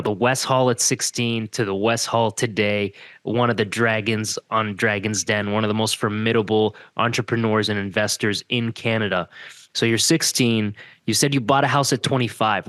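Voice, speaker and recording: A man's voice: medium pitch, a bit bright, no room sound. A man hosting a podcast interview, summarizing the guest's story and prompting him with questions. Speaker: podcast host. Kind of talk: conversational interview.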